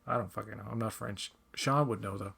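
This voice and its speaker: A man's voice: on the low side, a little fast, vocal fry, fairly bright tone, breathy edge. A man from Newfoundland with a light accent, chatting casually as a guest on a fan commentary podcast, rambling and self-deprecating. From Newfoundland, Canada.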